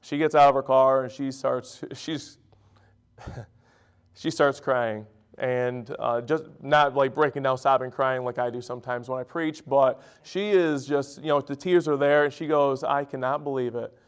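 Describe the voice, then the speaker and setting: A man's voice: medium pitch, steady tone, a little slow, clean tone. A middle-aged man preaching a sermon. He talks in a conversational, storytelling way, with emphatic bursts.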